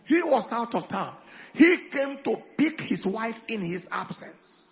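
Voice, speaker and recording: A man preaching a sermon as pastor, swinging from quiet talk to loud calls for the congregation to answer. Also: very high-pitched, very animated, a little slow, slightly rough, dull audio.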